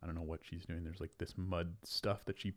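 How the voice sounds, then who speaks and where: A man's voice: sits low, level tone, a little fast. A man speaking as a guest in a casual conversation, easygoing and thoughtful. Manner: thoughtful, easygoing, loose storyteller. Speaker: podcast guest.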